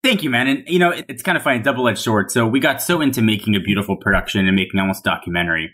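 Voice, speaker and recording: A man's voice: lowish voice, very fast. A man guest on a tech podcast, talking casually and animatedly with many "like"s and restarts. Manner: animated, filler-heavy storytelling.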